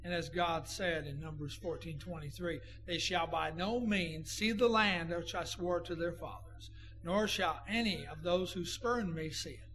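A man preaching a sermon, impassioned, swinging between shouting and low murmuring. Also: measured pace, slight background noise. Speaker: pastor.

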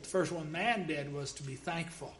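A man's voice: on the high side, moderate pace, fairly bright tone. A man preaching a sermon, emphatic, quoting scripture and dropping wry jokes.

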